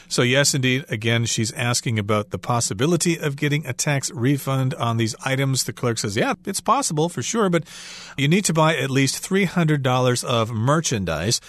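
An American man co-hosting an English lesson, explaining usage in a friendly way and pausing on word stress. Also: medium pitch, expressive, a bit bright. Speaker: English teacher and co-host.

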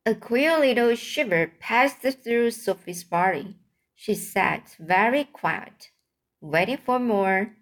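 A woman reading a children's book aloud, slowly and carefully. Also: on the high side, animated. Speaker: reader.

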